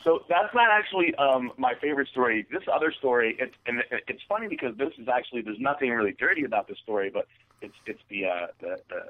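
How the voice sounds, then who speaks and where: A man's voice: medium pitch, lively intonation, fast talker. Male co-host, wry crude banter with plenty of fillers, heard on a tinny phone-like line. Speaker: podcast co-host. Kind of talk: casual chat.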